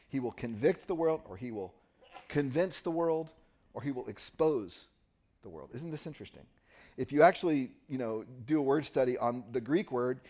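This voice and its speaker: A male pastor gives a sermon in a church at a mid-range pitch. He reads scripture aloud and then unpacks it patiently, pausing to stress key words. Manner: explanatory, pauses for emphasis, reads scripture aloud.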